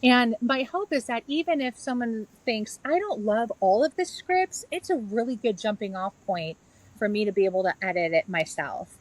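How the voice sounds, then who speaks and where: A woman's voice: fairly high pitch, expressive, normal speed, rough recording. A middle-aged woman, a yoga therapist and author, earnestly explaining a practice step by step in a conversational interview.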